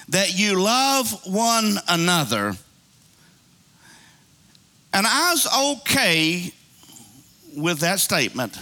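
A man with a fairly high, bright voice preaches a sermon to a church congregation. He talks in a folksy, plain-spoken way, calls on the room to answer him, and slips into playful asides. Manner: preaching with call-and-response and playful asides, acting out prayers; folksy colloquial speech. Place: church sanctuary.

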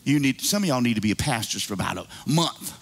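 A man's voice: mid-range voice, big pitch swings, fast, vocal fry, breathy edge. A pastor in his fifties preaching a sermon. He is exuberant and jokey and breaks into whooping exclamations.

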